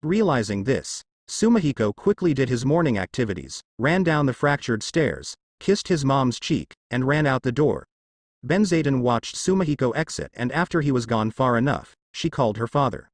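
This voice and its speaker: A man reading a fan fiction story aloud as narrator, brisk and steady. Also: medium pitch, dry recording.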